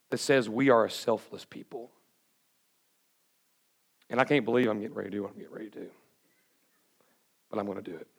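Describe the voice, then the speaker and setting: A pastor preaching a sermon to his congregation in a church, folksy and plain-spoken, calling for responses from the pews. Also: mid-range voice. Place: church sanctuary before a congregation.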